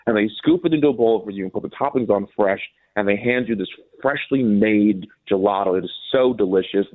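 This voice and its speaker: A man chatting casually as a co-host, telling animated stories and mimicking people. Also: on the low side, fairly quick. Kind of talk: casual chat. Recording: dry, phone-like narrow sound.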